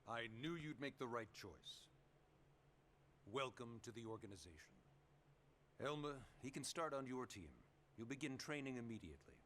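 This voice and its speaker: A man playing a sly, smooth male official. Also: mid-range voice, expressive, normal speed, a little hiss or hum, lightly acted. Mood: businesslike. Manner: polite, coaxing, quietly manipulative.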